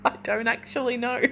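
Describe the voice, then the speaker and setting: A woman's voice: a little high, bright, forceful tone. Chatty young woman rambling while baking. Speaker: podcast host. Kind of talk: casual solo podcast chat. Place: at home in her kitchen while baking.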